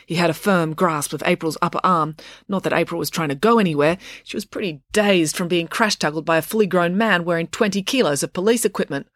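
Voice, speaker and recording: Lively woman narrating a storybook. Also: fairly low pitch, quick pace, dry recording, studio quality. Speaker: audiobook narrator.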